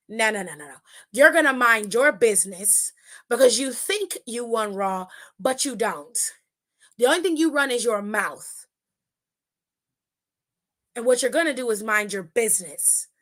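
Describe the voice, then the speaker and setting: A woman hosting a wrestling recap show, telling it in a blunt, sassy and profane casual chat, often acting out what people said. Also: on the high side. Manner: animated, acts out the wrestlers' lines.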